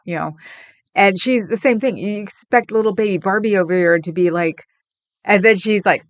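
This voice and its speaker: A woman's voice: mid-range voice, brisk, no echo. A woman from the Bay Area hosting a casual livestream chat, answering viewers with frequent laughs. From San Francisco Bay Area. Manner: chatty, laughs often, rambling. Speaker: livestream host.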